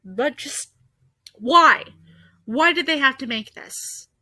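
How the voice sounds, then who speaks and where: A woman gives casual, blunt commentary in a bright, slightly high voice, swearing freely. The sound is dry and close to the mic. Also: very slow, no echo, poor audio. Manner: blunt, exasperated, swears a lot. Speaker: video host reviewing ads.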